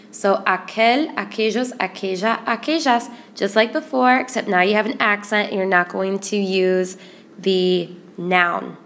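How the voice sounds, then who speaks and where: A woman teaches a Spanish grammar lesson. She explains patiently and repeats each word list slowly. Her voice sits at an ordinary middle pitch. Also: a bit bright.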